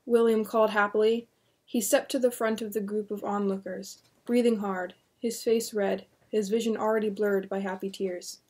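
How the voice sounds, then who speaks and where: A woman reading a horror novel aloud in a steady, measured narration. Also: mid-range voice, slightly rough. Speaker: audiobook reader.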